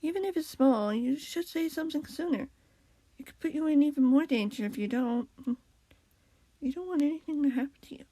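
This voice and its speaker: A woman reading aloud and voicing a gentle male friend who speaks softly and calmly. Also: high-pitched, moderate pace, no echo. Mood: reassuring. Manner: soft, calm, reassuring.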